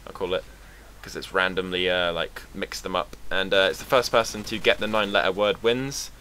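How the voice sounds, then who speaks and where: A young British man from England talking to camera in a casual, rambling vlog, sarcastic and quick to swear. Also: lowish voice, sharp tone, slight background noise. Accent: British English. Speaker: vlogger.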